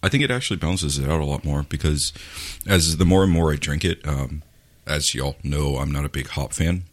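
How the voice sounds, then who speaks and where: A man in a casual beer-tasting chat, giving thoughtful, halting opinions with many fillers. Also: extremely low pitch. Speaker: co-host.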